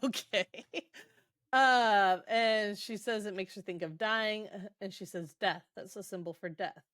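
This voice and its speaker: A woman at a middle pitch chatting through a book recap. She paraphrases dialogue loosely, drops in ums and quick laughs. The recording is dry and close. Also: a bit bright, no room sound. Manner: retells scenes loosely with quick quoted asides, many ums, laughs. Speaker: podcast co-host.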